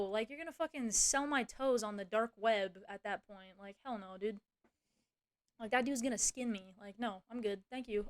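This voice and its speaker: A woman's voice: on the high side, moderate pace, fairly bright tone. Profane rambling young woman streamer. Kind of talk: casual livestream chat.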